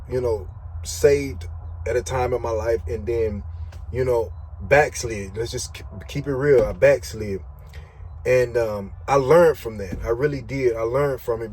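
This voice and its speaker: A man's voice: medium pitch, darkish tone, a little hiss or hum, rough recording. A man who drives trucks, giving an earnest, emphatic faith testimony vlog from his parked truck cab at night, repeating phrases and leaning on words.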